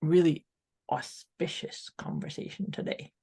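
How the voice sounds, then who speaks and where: A woman's voice: low voice, measured pace, creaky, dark tone, breathy edge. A woman co-hosting a podcast in an upbeat, casual way, speaking directly to her listeners. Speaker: podcast co-host. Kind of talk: casual motivational chat.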